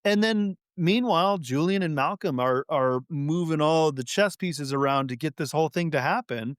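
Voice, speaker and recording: A man in casual conversation as a podcast guest, talking in an animated, rambling way full of fillers and restarts. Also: fairly high pitch, normal speed, clear, resonant tone, no room sound, studio quality.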